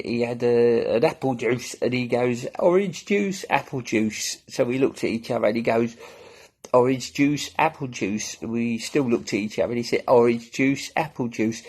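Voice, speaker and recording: A man playing a rambling comic character who tells silly jokes with many pauses and asides. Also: medium pitch, a little mellow, natural voice. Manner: rambling, hesitant, full of filler asides. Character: rambling male jester Lord Clan Dancer. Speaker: comedy character sketch.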